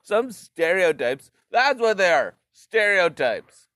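Slow, rambling man, crude jokes. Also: sits high, big pitch swings, a bit bright, no echo, clean studio sound. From Canada. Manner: rambling, crude, swears often. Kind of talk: comedic stereotype rant.

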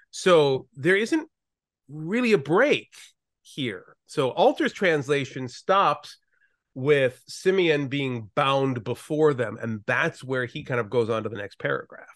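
A man co-hosting a Bible study podcast. His voice sits at a middling pitch and is recorded close and dry, with no room sound. He reads scripture, then slips into irreverent, swear-laced rants. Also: fairly bright tone, no room sound. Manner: irreverent, ranty, swears casually. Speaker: pastor and podcast co-host.

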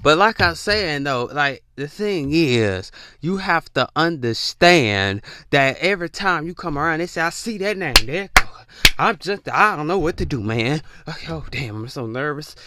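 A man's voice: a little high, animated, normal speed, few pauses, sharp tone. A man hosting a podcast, giving a preachy motivational monologue, calling out to listeners and often restarting with repeated words. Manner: repetitive call-outs to listeners; stammering restarts. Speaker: podcast host.

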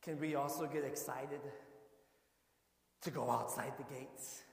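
A man preaching a sermon to his church, swinging from quiet talk up to shouted, fervent exhortation. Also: mid-range voice, fairly even intonation, measured pace, gravelly, roomy sound, big-room sound. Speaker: pastor. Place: church sanctuary.

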